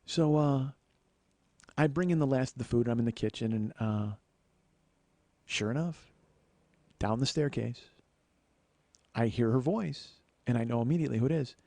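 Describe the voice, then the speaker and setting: A man's voice: mid-range voice, normal speed, pauses often, dark tone, dry recording. A man in his forties hosting a podcast, telling a long comic story with profane, self-deprecating asides. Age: 40s. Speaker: podcast host. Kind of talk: comedic storytelling monologue.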